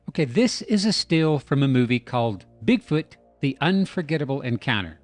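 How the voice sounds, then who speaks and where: A man's voice: medium pitch, dry recording. A man hosting a comedic video breakdown, telling the scene as a playful, joking story. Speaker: YouTube host. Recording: dry voice-over with faint music.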